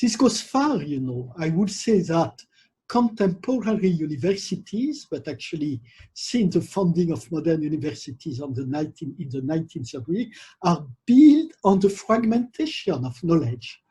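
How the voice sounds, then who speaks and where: A man lecturing on theology at a university, speaking in a measured, professorial way with pauses between phrases. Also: fairly high pitch, sing-song, warm tone, husky.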